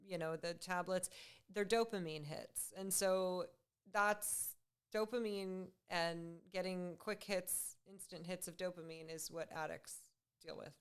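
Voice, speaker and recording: A woman's voice: fairly low pitch, fairly even intonation, unhurried, clean tone. A woman in her thirties, a guest on a podcast, talking in an upbeat, chatty way and laughing often. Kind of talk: casual interview chat.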